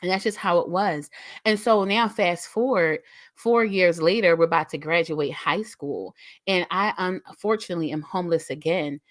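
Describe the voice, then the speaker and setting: A woman's voice: fairly low pitch, normal speed, no room sound. A woman in her thirties hosting a casual chat, heartfelt and emotional, rambling with repeated words. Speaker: host.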